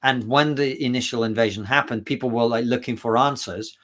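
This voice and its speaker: A man's voice: medium pitch, steady tone, fairly quick, fairly bright tone. A man speaking as an interview guest, emphatic, restarting his sentences often. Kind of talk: casual interview talk.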